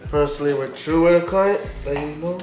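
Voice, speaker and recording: A man's voice: a little high, a little fast, darkish tone. Brief: male interview host, casual questioner, set back from the mic; reverberant room with music underneath. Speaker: podcast host. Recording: roomy echo, off-mic, with music.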